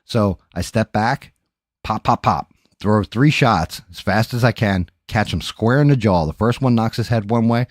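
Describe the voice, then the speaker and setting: A man's voice: on the low side, normal speed, dry recording, clean studio sound. A man hosting a livestream chat and telling a story casually, swearing freely and adding sound effects as he talks. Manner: profane, animated, with sound effects. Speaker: livestream host.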